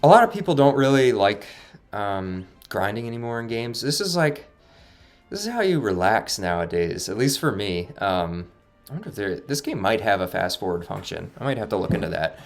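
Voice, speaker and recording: Laid-back low-voiced man playing a game. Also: normal speed, vocal fry. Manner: relaxed, laid-back, self-described monotone. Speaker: gaming channel host. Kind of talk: casual let's-play commentary. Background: faint game music.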